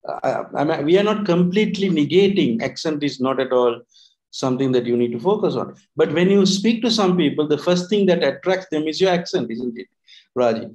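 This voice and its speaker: A man's voice: a little high, expressive, brisk, a little mellow, poor audio. A man co-hosting an English-learning talk from Sri Lanka, chatting casually and rambling with many restarts and fillers. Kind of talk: casual teaching chat.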